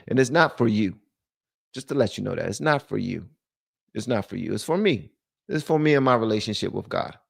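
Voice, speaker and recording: Man, livestream host, gravelly voice, dry close mic, animated rants and low asides. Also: dry recording. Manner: animated, switches between loud rants and low muttering. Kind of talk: casual political commentary livestream.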